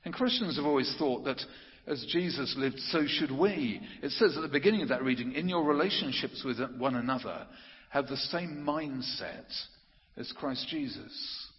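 A man preaching an earnest, emphatic sermon, slowing down to stress key phrases. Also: medium pitch, lively intonation. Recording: muffled audio with long hall reverb.

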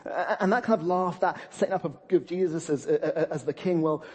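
Man, husky voice, slightly high pitch, animated sermon delivery, laughs between lines. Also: fairly quick. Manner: animated, laughing often, many restarts and fillers. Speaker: preacher.

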